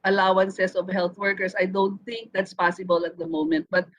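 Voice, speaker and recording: A woman with a Filipino accent, a health insurance official giving formal testimony at a hearing over a video call, halting and full of filler pauses. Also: mid-range voice, steady tone.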